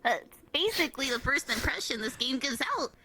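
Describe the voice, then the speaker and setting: A woman chatting as an interview guest, talking loosely with lots of "like" and quick giggles. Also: sits high, expressive, pushed and bright, slight background noise. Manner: chatty, filler-heavy, giggly. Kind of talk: casual chat.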